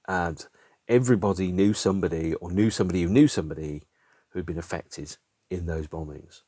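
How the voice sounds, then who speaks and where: A man's voice: low voice, brisk, mellow, no echo. A man in his fifties from Birmingham, England, hosting a podcast in a wry, self-mocking monologue full of asides. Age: 50s. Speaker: podcast host. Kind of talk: casual solo podcast monologue.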